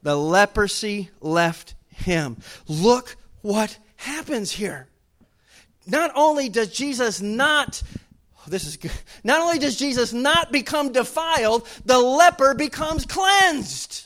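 A male pastor, preaching a sermon in a conversational way that rises to loud, emphatic bursts. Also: very high-pitched, animated, slow.

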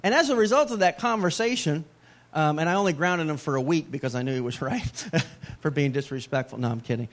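Middle-aged male pastor, a touch higher pitched, chatty sermon delivery with playful asides. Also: fairly quick. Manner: conversational preaching with joking asides.

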